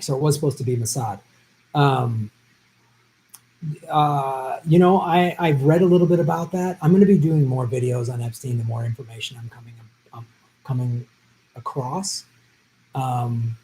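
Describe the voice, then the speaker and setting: Male stream host, mellow tone, laid-back chatty delivery, voice a bit worn. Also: medium pitch, slight background noise, poor audio. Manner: chatty, easygoing, quick to laugh. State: voice tiring after a long stream. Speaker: live stream host answering viewer questions. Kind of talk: casual live stream chat. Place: at home.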